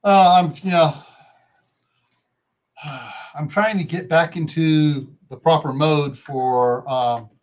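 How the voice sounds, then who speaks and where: A man's voice: on the high side, fairly even intonation, slow pace, pauses often. A man chatting as a guest on a livestream, joking playfully with mock threats and rambling asides over a video call. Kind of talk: casual joking chat. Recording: dull lo-fi audio.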